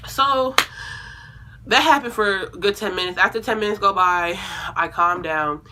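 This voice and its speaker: A young woman vlogger telling a personal story in a casual, animated way, with lots of profanity and acted-out quotes. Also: medium pitch, normal speed.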